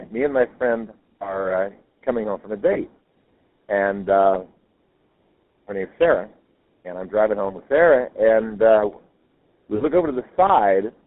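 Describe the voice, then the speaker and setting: Man, listener ghost story, rambling, fillers and self-corrections, phone-line audio, lively pitch. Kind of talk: casual spoken ghost story.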